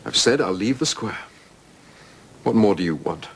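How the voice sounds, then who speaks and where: Stiff evasive middle-aged man in a tv soap, lowish voice, swings up and down a lot. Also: lively intonation, normal speed, slight background noise. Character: cold, defensive middle-aged male attacker. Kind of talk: television soap drama acting.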